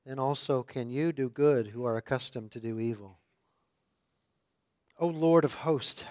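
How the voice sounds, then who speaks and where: A man's voice: mid-range voice, steady tone, moderate pace, dry recording. Preaching man with a dry, close sound. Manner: reads scripture then preaches, voicing biblical questions with rising intensity. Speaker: pastor. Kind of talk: sermon with scripture reading.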